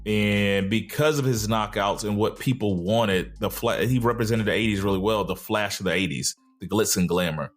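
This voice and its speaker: A man co-hosting a podcast with his brothers, telling stories in a laid-back, drawn-out way with many fillers. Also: on the low side, soft background music. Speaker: podcast co-host. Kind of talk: casual chat.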